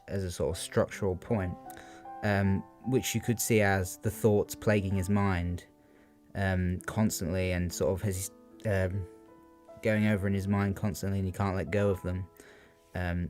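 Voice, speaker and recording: Speaking in a low, slightly mellow voice, a young student works through his revision analysis off the cuff. He sounds hesitant and fills his speech with ums and "sort of," with faint guitar music behind him.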